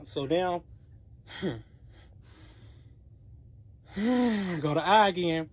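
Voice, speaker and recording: A creator telling a wild personal story in a casual storytime monologue, animated and profane, acting out every quote. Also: mid-range voice, extremely slow, pauses often, breathy edge.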